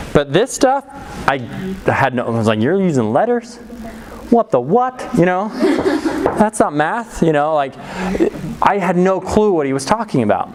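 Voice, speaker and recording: Animated storytelling man, lively pitch. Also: rough recording. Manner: animated, acts out quoted voices with big pitch jumps; laughs often while telling. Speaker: speaker. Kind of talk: storytelling talk.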